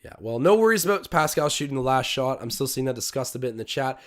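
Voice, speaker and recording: A young man calling a basketball game live for his stream viewers, chatty and excitable. He talks at an average pitch but jumps sharply upward whenever a big play happens, then settles back into easy banter with the chat. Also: fast. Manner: excitable, talks to chat, bursts of loud cheering. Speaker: live-stream watch-along host. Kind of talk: casual live game commentary.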